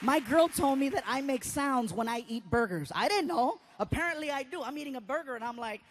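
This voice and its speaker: Animated high-voiced woman telling a comic story. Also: brisk, a little hiss or hum. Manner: animated, acts out voices and sound effects. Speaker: comedian. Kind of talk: stand-up storytelling.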